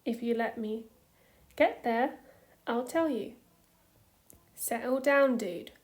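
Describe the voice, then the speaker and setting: A woman voicing a calm, friendly young man who talks firmly and reassuringly in a storybook reading. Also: on the high side, slow.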